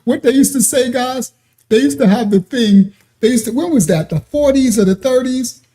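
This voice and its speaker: A livestream host with a dark, mellow tone talks to the chat with steady mid pitch. The delivery is teasing and mocking, full of short taunting questions and frequent laughter as trolls are called out. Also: moderate pace. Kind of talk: livestream reacting to chat comments.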